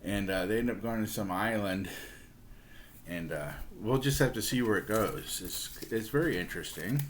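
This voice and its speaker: A man's voice: fairly low pitch, normal speed, a little hiss or hum. A middle-aged man chatting casually, rambling with lots of fillers and restarts as he shows off his purchases. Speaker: comic book collector. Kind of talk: casual show-and-tell vlog.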